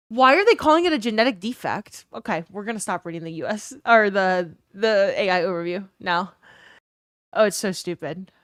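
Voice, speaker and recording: A young woman hosting a live stream, chatting excitably with her viewers, swearing freely, and thanking them for gifts. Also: medium pitch, moderate pace, no room sound, studio quality. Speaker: livestream host. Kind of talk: casual stream chat.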